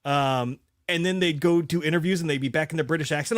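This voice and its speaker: A middle-aged man in his forties, co-hosting a podcast and telling a profane, animated story in casual chat. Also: fairly high pitch, fast, few pauses, no echo, clean studio sound. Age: 40s. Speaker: podcast co-host.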